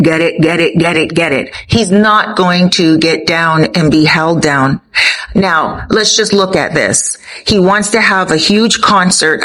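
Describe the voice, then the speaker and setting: A woman's voice: on the low side, a bit bright, low-quality recording. A Canadian woman with a Canadian accent, giving an earnest, opinionated commentary monologue straight to her viewers. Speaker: commentary vlogger.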